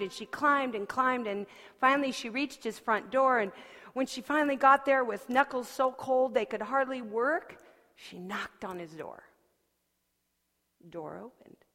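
A woman preacher giving a sermon, telling a story expressively, her delivery moving between soft and lively. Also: medium pitch, unhurried. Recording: long hall reverb.

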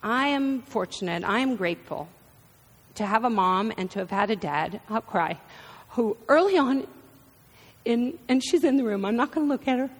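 A woman in her fifties preaching a sermon, expressive and storytelling. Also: a little high, moderate pace, breathy edge. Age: 50s. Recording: reverberant hall.

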